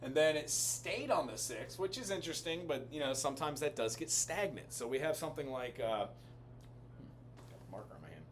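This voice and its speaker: A man's voice: a little high, expressive, brisk. A man giving a casual music lesson, explaining chords and melody as he thinks aloud. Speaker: music teacher. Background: piano music.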